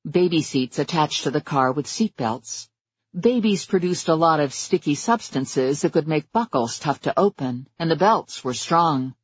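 A man narrating a first-person story in a measured, wry way. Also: on the high side, husky, no room sound, lo-fi sound. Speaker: audiobook narrator.

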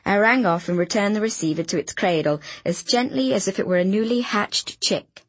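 A woman reading an audiobook in a brisk, wry storytelling manner, with a husky voice. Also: medium pitch, dry recording. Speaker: audiobook narrator. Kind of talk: scripted narration.

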